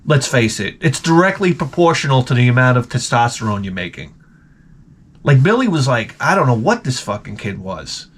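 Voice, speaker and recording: A man's voice: medium pitch, big pitch swings, moderate pace, slight background noise. Crude, rambling male storyteller. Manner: crude, rambling, laughs often, acts out quotes. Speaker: vlogger. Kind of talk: profane comic storytelling.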